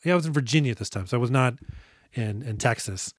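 A man's voice: medium pitch, quick pace, dry recording, studio quality. A man co-hosting a casual movie podcast, recapping scenes in a jokey, profane way and acting out lines. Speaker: podcast co-host.

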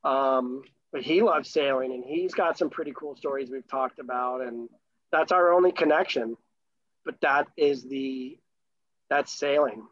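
A man's voice: medium pitch, a little slow, fairly bright tone, dry recording. A man in his thirties from Florida telling a long, enthusiastic, rambling story in casual chat. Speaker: sailor and new father telling a story. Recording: dull lo-fi recording.

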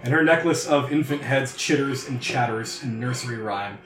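A man's voice: mid-range voice, normal speed, a bit bright, echoey room. A man running a tabletop game as game master, narrating scenes and ruling on rolls with easy laughs.

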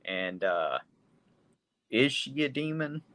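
A man's voice: medium pitch, very animated, slow, fairly bright tone, no echo. A man co-hosting a podcast, bluntly and profanely rambling through a casual movie review chat. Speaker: podcast co-host.

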